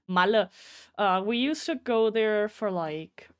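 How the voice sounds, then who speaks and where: A woman's voice: mid-range voice, lively intonation, takes it slowly, clear, resonant tone, dull audio. A young woman streaming live, chatting casually with viewers, rambling, swearing freely and greeting people in chat by name.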